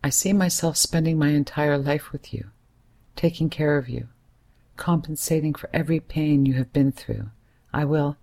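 A woman reading the part of a hesitant but serious young man, a gentle family friend, in an audiobook. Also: fairly high pitch, fairly even intonation, moderate pace, gravelly. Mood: earnest. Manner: hesitant yet serious, soothing.

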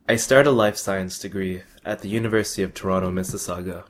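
A man's voice: deep voice, fairly even intonation, quick pace, few pauses. A young man reading his own first-person story aloud in a plain, matter-of-fact way.

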